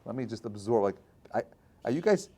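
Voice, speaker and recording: A man, a rabbi, giving an informal Torah class in a conversational way, often checking in with his listeners and building to loud, animated bursts. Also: lowish voice, brisk, breathy edge. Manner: conversational, checks in with frequent "right?".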